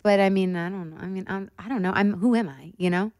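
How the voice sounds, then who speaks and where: A woman from Michigan, chatting as a guest in an expressive, talkative way. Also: medium pitch, fast, no echo, clean studio sound. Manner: chatty and expressive with laughs and exclamations. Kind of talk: casual interview chat.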